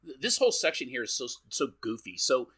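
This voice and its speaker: A man co-hosting a podcast walks through a film scene by scene, his bright voice swinging up and down as he acts out the characters. He talks casually and swears freely. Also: mid-range voice, a little fast, husky. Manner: animated, swearing, acting out characters' lines. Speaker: podcast co-host. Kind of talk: casual chat recapping a film.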